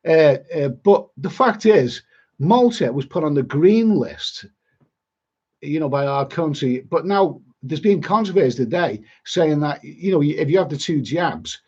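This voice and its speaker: Speaking with a Liverpool accent, this Liverpool-born travel vlogger rambles bluntly through a casual live-stream chat, grumbling quite a bit. His voice is fairly high, a little husky, expressive and darkish in tone, with an unhurried pace, captured in dull, lo-fi audio.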